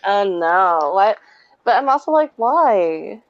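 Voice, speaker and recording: A woman's voice: on the low side, normal speed, dry recording, highs cut off. A woman chatting on a podcast, candid and wry, laughing at herself. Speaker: podcast co-host. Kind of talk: casual podcast chat.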